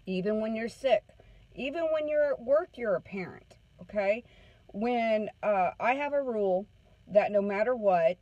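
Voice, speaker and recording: A woman's voice: medium pitch, lively intonation, a little slow, warm tone, no room sound, muffled recording. A woman counselor giving a casual morning talk, chatting through a story and checking in with her listeners. Her voice sits in a middle range. It is recorded close and dry. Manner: chatty storytelling, keeps asking "okay?". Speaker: parenting counselor.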